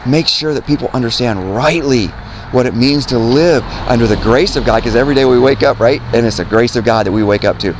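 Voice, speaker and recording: A man's voice: mid-range voice, a little fast, noisy background. A man preaching earnestly outdoors to young people, repeating himself, quoting scripture and asking "right?". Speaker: street preacher. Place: outdoors by a road.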